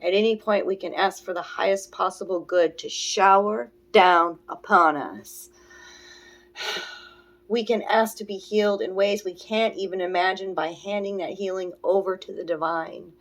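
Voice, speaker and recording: Woman, oracle card reader, earnest, rambling, soft slow affirmations, middle pitch. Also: steady tone. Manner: meandering and earnest, full of "you know" and "okay?". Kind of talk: spiritual oracle reading to camera.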